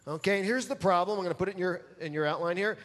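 A man's voice: sits high, racing, fairly bright tone, in a large hall. A man preaching a sermon as pastor, emphatic and pressing his listeners to answer back. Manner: emphatic, calls for audience response.

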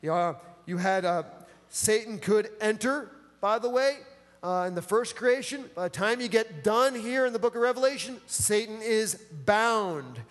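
A man's voice: high voice, animated, normal speed, a bit bright, big-room sound. A man preaching a sermon in a casual, enthusiastic, slangy way. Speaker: pastor.

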